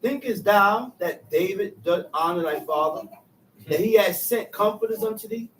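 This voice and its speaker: A man's voice: high-pitched, normal speed. Man, scripture reader, echoey room, faint hiss behind. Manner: steady, formal reading of old-fashioned verse. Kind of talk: reading scripture aloud. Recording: echoey room, mic set far off.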